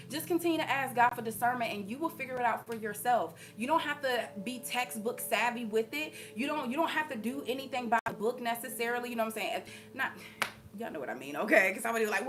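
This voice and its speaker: Over soft background music, this woman speaks in a slightly high, expressive, fairly bright voice at a moderate pace. As a spiritual vlogger, she gives her viewers casual, emphatic encouragement, laughing frequently and repeating little asides.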